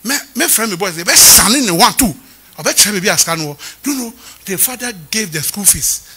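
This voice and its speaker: Man, pastor, sermon, husky voice, animated storytelling. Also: high-pitched, a little fast. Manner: lively storytelling preacher who acts out the people he quotes. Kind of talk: preaching a sermon.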